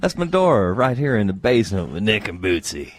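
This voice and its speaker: Animated, laughing Midwest radio host man. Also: fairly low pitch, fairly quick, slight background noise. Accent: American Midwest. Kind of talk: casual radio chat. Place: radio station studio.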